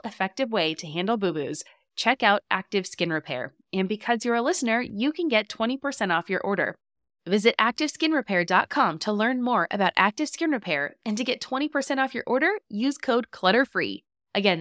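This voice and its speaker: A woman's voice: mid-range voice, fairly bright tone, no echo, clean studio sound. A woman, the podcast host, reading a sponsor ad in an upbeat, conversational way. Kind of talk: scripted ad read.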